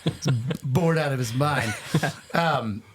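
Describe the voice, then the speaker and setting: Male podcast guest, middle-aged, lively rambling storyteller. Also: medium pitch, slow pace, noisy background. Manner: animated, rambling anecdotes with restarts. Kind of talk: casual storytelling.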